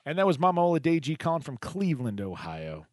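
A man's voice: a little high, sing-song, fast talker, no room sound. A male radio host chats casually and with energy, taking calls and bantering with his co-host. The studio sound is close and dry. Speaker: radio talk show host. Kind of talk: casual call-in radio chat.

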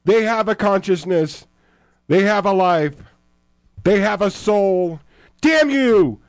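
A booming, theatrical preacher with a vision, as a man puts him on. The voice swings wildly in pitch and rides up into high, ringing cries. The sound is dry and close. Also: animated, slow pace, dry recording, exaggerated voice. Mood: ranting. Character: man possessed by a vision, ranting fire-and-brimstone preacher.

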